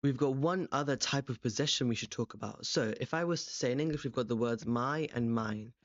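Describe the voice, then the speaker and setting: A young man teaching a language revision lesson, explaining step by step and putting quick questions to the viewer. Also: medium pitch, no room sound. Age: young adult. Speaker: language tutor. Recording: dull, slightly lo-fi close recording.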